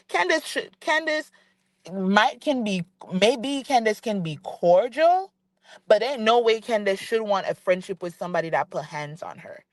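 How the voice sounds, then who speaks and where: A woman's voice: on the high side, no echo. A woman giving opinionated commentary on a vlog, ranting and speaking straight to the person she criticizes, repeating her points for emphasis. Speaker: reality TV commentator.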